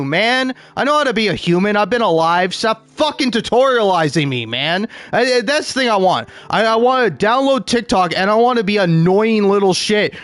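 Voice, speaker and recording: A man's voice: high voice, animated, normal speed, few pauses, a bit bright, soft background music. A man streaming, ranting in a profane, stammering way.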